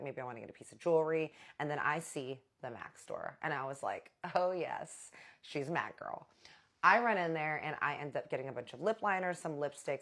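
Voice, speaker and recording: A young woman telling a casual storytime to her viewers, chatty and animated, calling them y'all. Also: a bass voice. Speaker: storytime vlogger.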